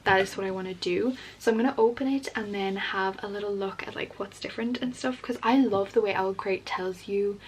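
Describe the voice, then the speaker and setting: A woman's voice: medium pitch, fairly quick, few pauses, poor audio. Gushing young woman with background hiss. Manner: gushing, excitable, many "like" fillers. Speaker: book vlogger. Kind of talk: casual unboxing chat.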